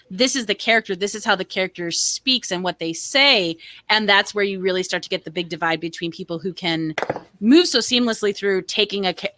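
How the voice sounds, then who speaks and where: A woman's voice: medium pitch, sharp tone, no room sound. A woman co-hosting a casual art podcast, talking with eager enthusiasm and rambling asides. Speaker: podcast co-host. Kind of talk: casual chat.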